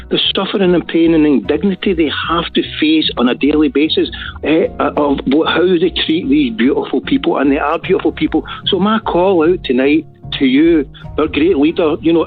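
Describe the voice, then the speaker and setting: A man's voice: on the high side, husky. Fervent Scottish man on a tinny phone line. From Glasgow, Scotland. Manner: fervent, preaching, rising to urgent appeals. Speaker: caller. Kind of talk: phoned-in call to a talk show.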